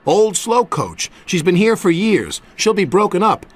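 A man's voice: high voice, big pitch swings, measured pace, voice pushed up, full character voice. Man doing a brusque scrapyard boss. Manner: brusque, dismissive. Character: brisk gruff male scrapyard manager.

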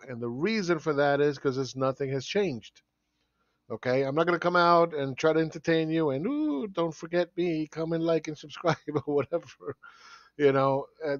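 Walking viewers through charts on his own market commentary show, this host speaks bluntly and sarcastically, chuckling often. He has a medium-pitched voice, captured in a muffled recording with no room sound.

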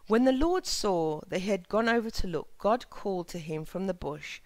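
A woman hosting her own channel, giving a sincere, measured spiritual talk and reading scripture passages with soft emphasis. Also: medium pitch, animated, no room sound.

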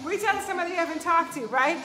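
Very high-pitched and racing along, a female fitness coach fires up her live audience with a motivational pep talk over background music. She's energetic and preachy, constantly repeating "right?"

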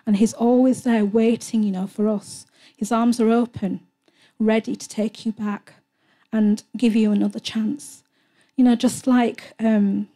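A woman presenting a Christian TV programme, speaking in a gentle, earnest devotional way between hymns, soft-spoken and sometimes hesitant as she searches for words. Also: medium pitch. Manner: soft-spoken, earnest, often trailing into a hush.

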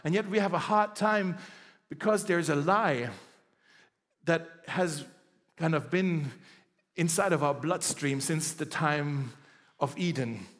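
A male pastor preaching a sermon in a conversational, animated way, acting out quoted dialogue. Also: a little high, slow pace, in a large hall. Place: church.

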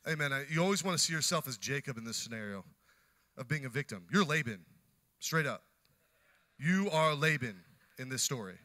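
A man preaching a sermon, animated, acting out the scripture characters as he teaches. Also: medium pitch, a little fast, long pauses. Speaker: pastor.

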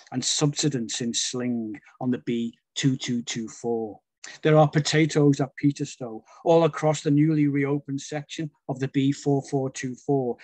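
A man reading his own comic poetry on a video call, with a dry, deadpan delivery. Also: mid-range voice, no room sound. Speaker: featured poet. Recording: dry close sound.

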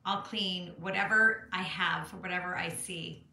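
Middle-aged woman, art teacher hosting a phone live stream from home, bright chatty voice, echoey room. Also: fairly low pitch, fairly even intonation, moderate pace, creaky, hardly any pauses. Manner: bubbly and chatty, greets viewers by name, laughs often. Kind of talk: casual live-stream chat. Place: home art studio, indoors. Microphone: phone camera.

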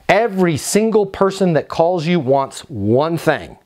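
A man training leasing agents on phone skills, energetic and salesy, acting out phone greetings as he teaches. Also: fairly high pitch, measured pace, few pauses. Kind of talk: instructional talk with acted phone calls.

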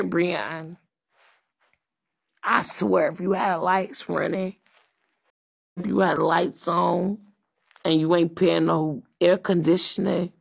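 Slow gravelly woman, crude taunting roast. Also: fairly low pitch, steady tone, dry recording. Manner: crude, taunting, bursts into shouting. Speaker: comedic host. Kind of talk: crude improvised comedy roast.

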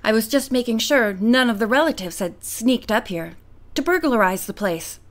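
A woman voicing a shifty middle-aged man who stammers and answers gruffly. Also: on the high side, lively intonation, moderate pace, natural voice. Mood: nervous.

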